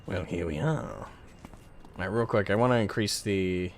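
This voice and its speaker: A man's voice: deep voice, moderate pace, a little hiss or hum. A man giving casual, rambling commentary while livestreaming a game, full of fillers and the odd curse. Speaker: game streamer.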